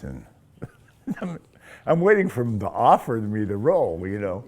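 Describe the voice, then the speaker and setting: An older man with a very deep, gravelly voice recounts show-business stories in an interview. He talks in a lively, profane way and slips into the voices of the people he quotes. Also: normal speed. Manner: animated, profane, acts out quotes. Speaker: actor. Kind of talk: anecdotal interview storytelling.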